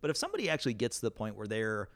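A man's voice: on the low side, huge pitch swings, rapid-fire, a bit bright, dry recording. A man in a casual podcast chat, folksy and jokey, sharing his views on managing retail. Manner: folksy, jokey asides, laughs while talking. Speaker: podcast co-host.

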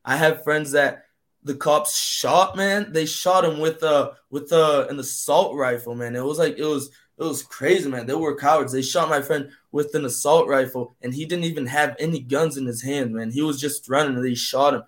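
A young man from Brazil, a native Portuguese speaker, telling his story in a casual interview, animated and full of "man" and "like". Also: fairly high pitch, normal speed. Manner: animated, acts out voices in quotes, fills with "man" and "like". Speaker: guest.

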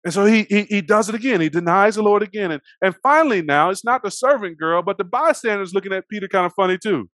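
Male preacher, slightly high voice, animated and dynamic delivery, dry close mic. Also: fast, hardly any pauses, no echo. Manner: animated, acts out voices of the characters; swings between loud and hushed. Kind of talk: sermon.

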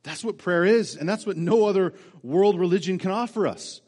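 A man preaching a sermon as pastor, earnest, moving from quiet reflective passages to fervent emphasis. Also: high voice, normal speed. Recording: church hall with long reverb.

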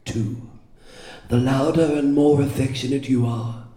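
A man's voice: mid-range voice, steady tone, mellow, close to an everyday voice. Bossy house cat, voiced by a man, drawling, echoey room. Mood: smug. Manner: slow, drawling, chuckling. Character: bossy old house cat, smug and knowing. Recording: echoey room, slightly off-mic.

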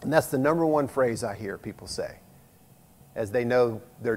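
A middle-aged man preaching a sermon as a pastor, earnest and conversational, moving between loud emphasis and hushed asides. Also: mid-range voice, normal speed. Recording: long reverb of a large hall.

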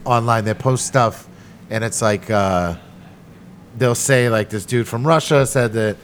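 A man's voice: medium pitch, unhurried, a little hiss or hum. A man co-hosting a casual podcast, rambling and swearing constantly as he tells stories. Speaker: podcast co-host. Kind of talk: casual profane chat.

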